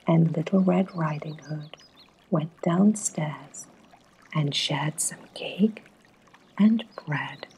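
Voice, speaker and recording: A woman narrating a bedtime fairytale, soft and hushed, often dropping to a half-whisper. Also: low voice, husky. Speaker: storyteller.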